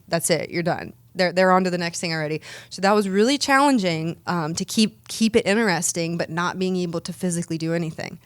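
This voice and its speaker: A woman's voice: on the low side, clear, resonant tone, no room sound. A woman in her thirties, a guest in an interview, telling stories in a chatty, upbeat way with frequent restarts. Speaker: pro wrestler and dentist guest. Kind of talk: casual interview answers.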